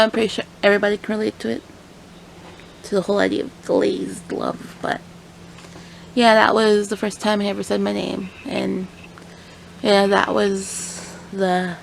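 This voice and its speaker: Gravelly young woman telling a story. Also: medium pitch, rough recording. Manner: rambling, full of fillers and self-corrections. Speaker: vlogger. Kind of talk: casual storytime vlog. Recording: clear background noise.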